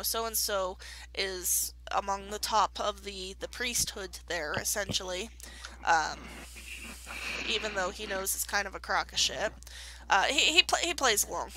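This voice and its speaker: A woman running a tabletop game, her voice bright and slightly high. She talks in a chatty, rambling way, full of ums and restarts as she describes the scene. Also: low-quality recording. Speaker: game master.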